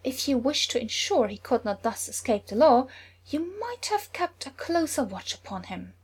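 A woman's voice: high-pitched, sing-song, moderate pace, slightly rough, pitched above the performer's own voice, exaggerated voice. A woman playing a stern, caustic healer. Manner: firm, clipped, caustic.

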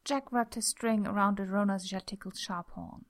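Woman with a gravelly reading voice. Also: medium pitch, steady tone, moderate pace, hardly any pauses. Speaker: audiobook narrator. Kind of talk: storybook narration.

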